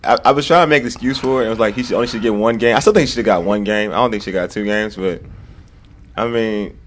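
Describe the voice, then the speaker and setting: This casual sports talk show host is animated and racing, going over the same points again and murmuring low asides.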